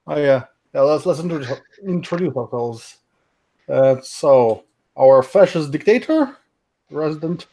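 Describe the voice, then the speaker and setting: A man's voice: on the high side, expressive, unhurried, mellow. A man hosting a casual online chat stream, rambling with many fillers and restarts and laughing often. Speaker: stream host.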